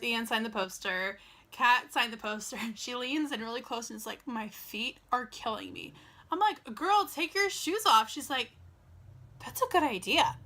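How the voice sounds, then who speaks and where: Young woman vlogger, casual storyteller, slightly high and very bright voice, chatty and full of "like.". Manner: chatty, lots of "like" and quoted dialogue.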